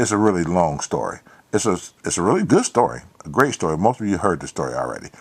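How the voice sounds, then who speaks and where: Middle-aged man, low voice, emphatic profane storyteller. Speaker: channel host. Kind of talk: storytelling monologue.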